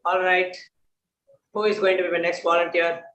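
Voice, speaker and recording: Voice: medium pitch, completely flat delivery, moderate pace, a bit bright, slight background noise. A meeting host running a quiz game on a video call, with a teasing, playful manner. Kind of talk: lively online meeting hosting. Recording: roomy, dull video-call audio.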